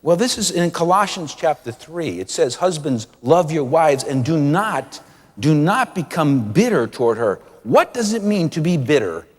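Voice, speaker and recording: A man preaching a sermon with animated delivery, acting out quoted voices and drawing out key words. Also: on the high side, moderate pace, long reverb tail.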